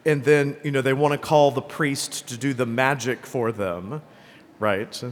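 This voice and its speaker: A man's voice: mid-range voice, fairly even intonation, unhurried. Male priest, conversational homily, frequent "right?" tags, long church reverb. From Greenville, South Carolina. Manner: conversational, often tags lines with "right?" and "okay?". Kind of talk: sermon.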